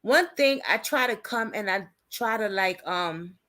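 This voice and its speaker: A woman's voice: medium pitch, animated, a little slow, bright, forceful tone. Chatty woman hosting a live stream. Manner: talkative, reads and answers viewer comments aloud; informal slangy speech. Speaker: livestream host covering a criminal case. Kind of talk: casual live-stream chat with viewers.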